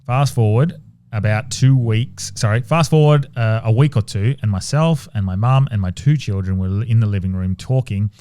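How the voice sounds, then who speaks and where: A man co-hosting a podcast, reading listener ghost stories aloud in a relaxed, casual way and sometimes stumbling and restarting mid-sentence. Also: fairly low pitch, moderate pace, clear, resonant tone. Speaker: podcast co-host.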